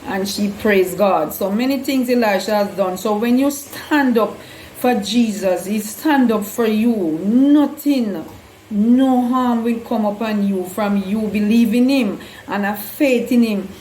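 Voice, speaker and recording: A woman's voice: mid-range voice, measured pace, a little mellow. A woman earnestly retelling Bible stories in loose, non-standard grammar, with an echo around her voice. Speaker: host, Bible storyteller. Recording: echoey room with faint hum.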